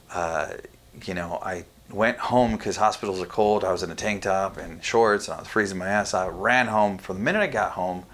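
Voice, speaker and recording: Low-voiced man telling a story frankly. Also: fairly bright tone. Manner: frank and profane, halting with many fillers. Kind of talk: casual podcast storytelling.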